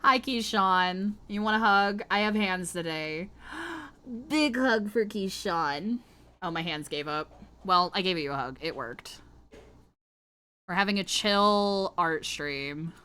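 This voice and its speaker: A woman's voice: lowish voice, a little slow, pushed and bright, clean tone. A woman streamer chatting casually with her viewers while she draws, playful, flirty and crude. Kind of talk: casual livestream chat while drawing.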